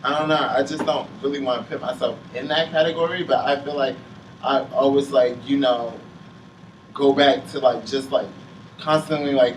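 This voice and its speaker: A young man talks through his feelings in a halting, filler-packed way, close to tears. He is picked up from a distance in a roomy space, with a faint hiss behind him. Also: medium pitch, steady tone. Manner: heavy use of "like", halting, on the verge of tears. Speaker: panelist. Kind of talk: emotional casual chat. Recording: roomy sound from a distant mic with faint noise.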